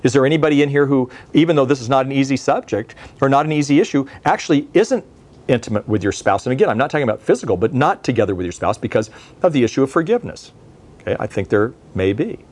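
A man's voice: mid-range voice, animated, fast talker, a little mellow. Conversational male pastor preaching. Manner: conversational storytelling with rhetorical questions. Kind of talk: televised sermon. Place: studio.

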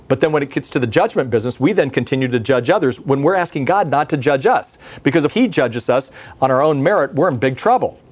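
A man's voice: medium pitch, a little mellow. A male pastor giving a televised sermon from a studio, telling a story in a conversational way and asking the listeners questions.

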